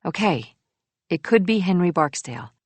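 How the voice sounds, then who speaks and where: A tense female detective with a raised, urgent voice, as a male narrator puts her on. She fires questions quickly and pushes the case forward. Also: sits high, sing-song, breathy edge, dry recording, voice pushed up, heavily acted.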